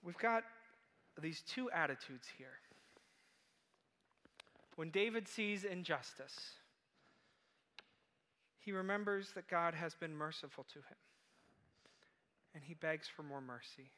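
A man preaching a sermon, telling a story in a lively way and acting out the quoted voices. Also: on the high side, slow, long pauses, big-room sound. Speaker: pastor.

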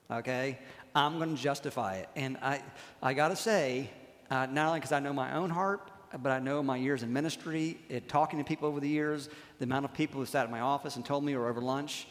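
A man preaching a sermon as a pastor in a church, talking conversationally and checking in with "okay?" and slowing down to hammer key lines. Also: medium pitch. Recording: long reverb of a church hall.

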